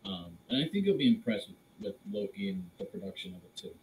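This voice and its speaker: A man's voice: fairly low pitch, big pitch swings, fast, a little mellow, slight background noise, rough recording. A man co-hosting a podcast in casual chat, talking hesitantly with lots of fillers and restarts. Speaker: podcast co-host.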